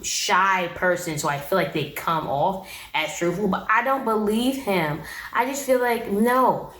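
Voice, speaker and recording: A woman's voice: on the low side, a bit bright, reverberant, poor audio. A woman giving a casual, blunt, sassy recap of a reality show, talking straight to her viewers.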